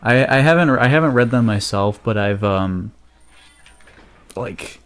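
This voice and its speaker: A man with a fairly low voice, chatting while playing a game. He rambles, trips over his words and starts sentences again. Faint music plays under his talk. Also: lively intonation, unhurried, a bit bright. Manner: rambling, hesitant, full of restarts. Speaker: co-host. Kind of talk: casual gaming chat.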